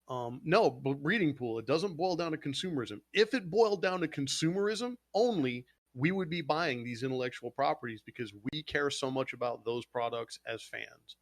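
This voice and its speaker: Male podcast host, mid-pitched, dry close mic, heated cursing rant, brief note. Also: animated, normal speed, hardly any pauses, fairly bright tone, no echo. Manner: heated, swearing, mocks gamers in put-on quotes. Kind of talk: casual profane gaming podcast rant.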